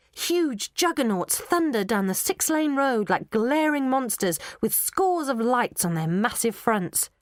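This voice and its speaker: A woman narrating a children's audiobook in an expressive storytelling manner, close to a studio mic. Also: a little high, no room sound. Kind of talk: scripted narration.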